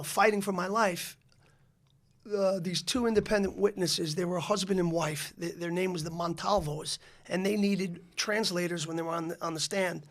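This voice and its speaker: This man's voice sits high with a fairly bright tone. He's a podcast guest from the Bronx, New York City, rambling through a long story in a casual interview, restarting often and leaning on fillers.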